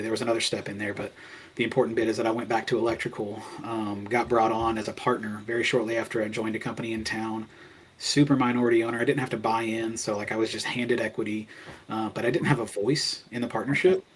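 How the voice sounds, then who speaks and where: As a guest on a podcast, a man from Kentucky tells his business story in a frank, conversational way full of "like." He speaks fast in a lowish voice with little pitch movement, and the rough recording carries a little hiss or hum.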